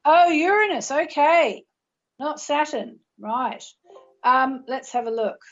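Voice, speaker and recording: A woman's voice: high voice, expressive, slow pace, fairly bright tone. A woman hosting a phone-in show who reads callers' charts, chatty and upbeat. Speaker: astrologer host. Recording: slightly dull lo-fi sound.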